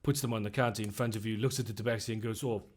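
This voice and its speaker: A man's voice: lowish voice, fairly even intonation, rapid-fire, darkish tone. A man narrating as game master in a tabletop role-playing game, casual.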